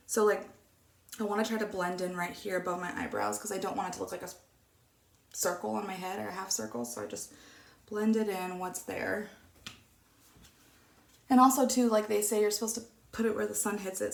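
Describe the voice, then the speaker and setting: Chatty woman with a gravelly voice. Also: medium pitch, normal speed, pauses often. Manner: chatty and rambling, with soft muttered asides. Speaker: beauty vlogger. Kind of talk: casual makeup tutorial chat. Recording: echoey room.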